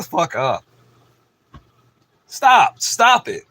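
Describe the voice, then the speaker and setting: Male host, profane emphatic rant, slightly high pitch, dry recording. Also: very animated, slow, long pauses, sharp tone, no room sound. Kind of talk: ranting monologue.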